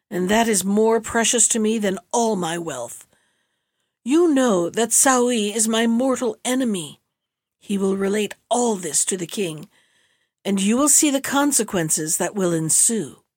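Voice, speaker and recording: A woman's voice: medium pitch, lively intonation, measured pace, no echo, clean studio sound. A woman reading the part of an angry, proud old male vizier who speaks in anguished, old-fashioned outbursts, in her own voice. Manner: anguished outbursts in archaic speech.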